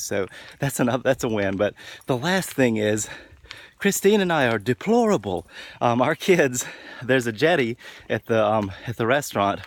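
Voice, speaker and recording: A man telling a story casually to the camera, with many fillers and restarts. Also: medium pitch. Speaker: vlogger.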